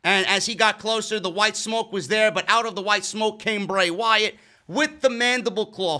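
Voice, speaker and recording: Male reviewer, high-pitched and bright, profane and exasperated recap. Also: moderate pace. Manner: profane, exasperated, stumbles over words. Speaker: wrestling show reviewer. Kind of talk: casual recap and rant.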